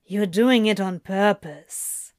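A woman's voice: medium pitch, extremely slow, a little mellow, dry recording, clean studio sound. A woman reading fan fiction aloud, voicing a drowsy young man who mumbles sleepily. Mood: sleepy.

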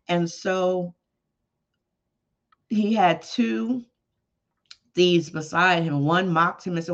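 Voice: mid-range voice, measured pace. Conversational preacher, dull lo-fi sound. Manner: conversational storytelling with emphatic exclamations. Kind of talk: sermon retelling a story. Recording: dull lo-fi podcast audio.

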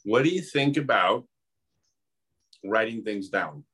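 A man's voice: lowish voice, animated, slow, a bit bright, breathy edge. A man interviewing casually, asking short, easygoing questions.

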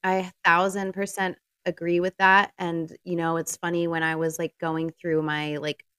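A woman hosting a podcast, chatting in a relaxed and agreeable way and saying "like" often. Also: on the low side, moderate pace, clear, resonant tone, no room sound, studio quality. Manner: relaxed, agreeable, says "like" a lot. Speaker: podcast host. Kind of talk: casual podcast conversation.

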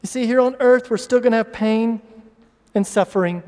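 A man's voice: very high voice, moderate pace, darkish tone. A man preaching a sermon to his church, impassioned, sometimes acting out people pleading in prayer. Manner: impassioned, acts out pleading voices. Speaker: pastor. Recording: reverberant hall.

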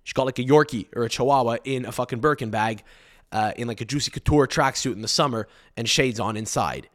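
Man, podcast host, solo rant, swears a lot, rambling, mid-pitched voice. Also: brisk. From Montreal, Canada. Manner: profane, rambling, opinionated.

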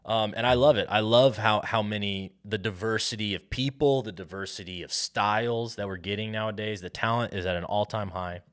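A man's voice: fairly low pitch, fairly even intonation, brisk, few pauses, a bit bright. An American man hosting a solo podcast, rambling and riffing with lots of restarts and fillers. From United States. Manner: rambling, self-interrupting, riffing. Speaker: podcast host.

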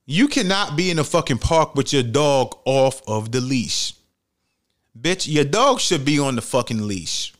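A man's voice: medium pitch, animated, unhurried, fairly bright tone. A young man from New York City hosting a podcast, giving blunt, profane, heated commentary in casual talk. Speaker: podcast host.

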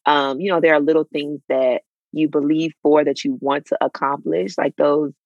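A woman's voice: low voice, level tone, moderate pace, darkish tone, dry recording, lo-fi sound. A woman of thirty, co-host of a podcast, in casual chat, sassy and playful, drawing words out for effect.

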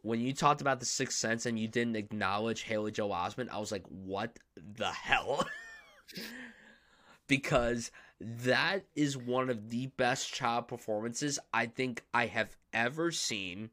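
Bright-voiced enthusiastic male podcast host. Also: medium pitch, unhurried. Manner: enthusiastic, emphatic opinions. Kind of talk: casual film discussion.

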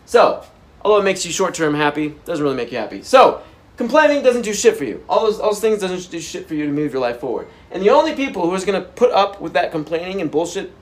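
A man ranting to camera as a motivational vlogger, blunt and profane, with sudden loud bursts. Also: high-pitched, sing-song, quick pace. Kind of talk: unscripted motivational rant to camera. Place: indoors by a whiteboard. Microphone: camera framing him at a whiteboard.

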